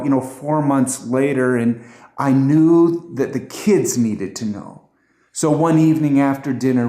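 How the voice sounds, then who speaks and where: A man's voice: mid-range voice, warm tone. A middle-aged man earnestly telling an emotional family story as a personal testimony. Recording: roomy echo.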